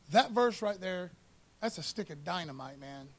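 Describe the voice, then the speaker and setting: A man preaching with fervor, his voice sitting noticeably high. He keeps the tone casual and punchy, tossing in "man" and calls for an amen between lines. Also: expressive, normal speed. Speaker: pastor. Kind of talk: sermon.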